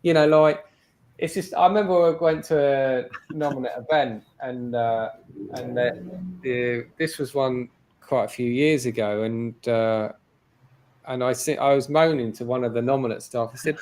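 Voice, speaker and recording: A man's voice: medium pitch, measured pace, darkish tone. A British man, a guest on an interview show, talking in a casual, chatty way with many "you know" and "like" fillers. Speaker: interview guest, domain investor.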